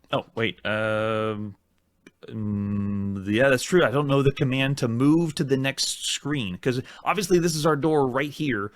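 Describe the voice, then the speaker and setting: A man's voice: medium pitch, no echo. A man hosting a retro game let's-play, chatty and self-mocking as he thinks aloud while typing commands. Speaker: host.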